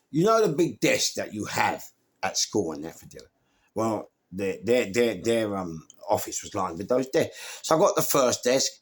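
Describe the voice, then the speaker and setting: A middle-aged man with a London accent spins a story in a husky, gravelly voice. His pitch swings widely as he acts out the other people in it. He swears freely as he goes. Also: fairly bright tone. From England. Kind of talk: animated storytelling to camera.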